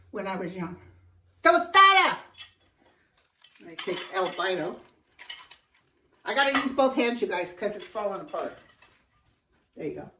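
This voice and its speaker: Hosting a casual cooking demo in her home kitchen, a woman with a somewhat bright, high-leaning voice talks directly to her viewers while eating, often with her mouth full. The distant camera mic picks up an echoey room and faint clatter of dishes and pans.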